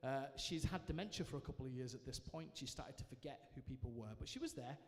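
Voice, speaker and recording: A man giving a personal testimony to a live audience, telling it as a lively story with self-mocking humour. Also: medium pitch, fast. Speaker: guest speaker sharing his testimony. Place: large church hall, indoors. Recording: reverberant church hall.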